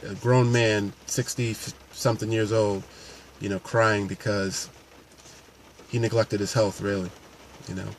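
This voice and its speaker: Earnest male coach, lower voice, unscripted to-camera talk over faint traffic. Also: flat delivery, measured pace. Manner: earnest, unscripted, many restarts. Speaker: paramedic and fitness coach.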